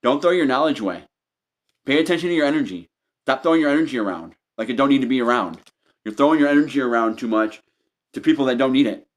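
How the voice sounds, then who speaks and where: A man's voice: mid-range voice, animated, fast. A man giving an unscripted tarot reading, talking straight to the listener, repeating and restarting his phrases as he goes. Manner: repetitive, meandering, restarts phrases often; addresses the listener directly as "you". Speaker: tarot reader.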